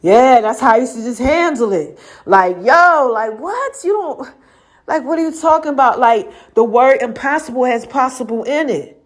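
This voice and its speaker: A woman hosting her own podcast, sharing a faith testimony in loose, slangy talk. Her voice sits somewhat high, and she jumps into the voices of the people she quotes. She laughs often along the way. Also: expressive, moderate pace. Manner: laughs often while talking. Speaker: podcast host. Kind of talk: casual faith testimony storytelling.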